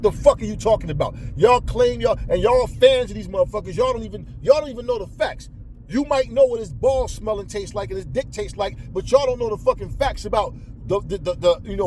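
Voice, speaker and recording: A man with a high, darkish-toned voice rants angrily and profanely about boxing to his viewers, often stumbling and repeating himself. He is a boxing commentator, and a little hiss or hum sits under the recording.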